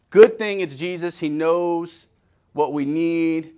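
A man preaching a sermon to a women's gathering, acting out scripture scenes and swinging from loud declarations to hushed near-whispers. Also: on the high side, slow pace, smooth, dull audio.

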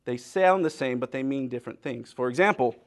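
A man's voice: mid-range voice, brisk. A middle-aged man preaching a humorous sermon, telling stories with playful wordplay. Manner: animated storytelling with playful wordplay.

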